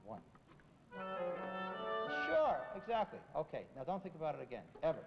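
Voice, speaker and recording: Man music coach, lively and higher-pitched, scats rhythms, dull old film sound in a reverberant hall with music. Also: normal speed, creaky. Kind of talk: rehearsal coaching. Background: music playing.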